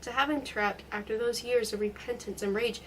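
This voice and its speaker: A woman reading a novel aloud in a steady, expressive way. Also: a little high, a little fast, a little hiss or hum, poor audio. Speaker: reader.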